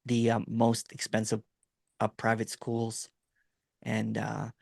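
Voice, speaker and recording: Middle-aged man with a gravelly Filipino accent. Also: fairly low pitch, monotone, slow, a little mellow, no echo, studio quality. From Philippines. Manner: rambling storyteller, many fillers and "right?". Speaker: host. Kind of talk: casual conversation on a video call. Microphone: video call.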